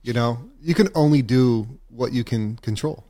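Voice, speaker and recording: A man hosting a casual podcast interview, encouraging his guest and sometimes dropping into low asides. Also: moderate pace, dark tone. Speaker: podcast host.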